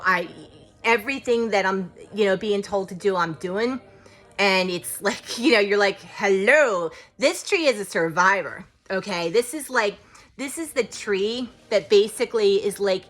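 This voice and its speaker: A woman's voice: mid-range voice, fairly bright tone. Rambling, emotional woman talking spirituality. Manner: rambling, emotional, heavy use of "like" and "you know". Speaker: witch and spiritual practitioner. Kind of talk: casual spiritual vlog talk.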